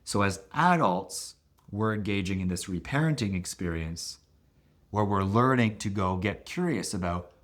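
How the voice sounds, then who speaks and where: Animated man coaching couples. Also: moderate pace. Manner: animated, acts out quoted voices with big pitch jumps. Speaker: relationship coach. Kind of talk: teaching talk to camera.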